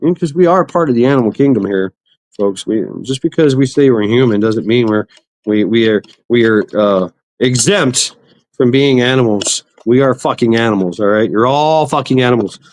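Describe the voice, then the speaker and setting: A man's voice: medium pitch, moderate pace, darkish tone. A man hosting a casual livestream, rambling and swearing as he greets chat viewers. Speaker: livestream host. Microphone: computer mic for online stream.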